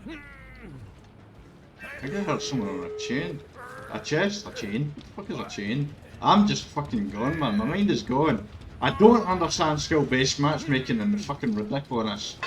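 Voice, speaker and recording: A man giving live gameplay commentary, swearing often and bursting into loud, frustrated outbursts. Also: mid-range voice, expressive, normal speed, rough recording. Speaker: gaming video creator.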